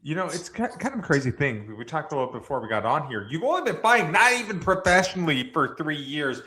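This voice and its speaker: A man hosting an MMA interview show, introducing his guest with hyped, energetic announcing and then asking questions. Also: a little high, fast.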